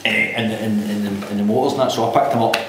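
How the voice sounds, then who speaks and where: A man's voice: lowish voice, fairly even intonation, very fast, a little hiss or hum. Rambling Scottish man in an echoey room. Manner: rambling storyteller, acts out voices. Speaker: podcast co-host. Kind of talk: casual chat, anecdote.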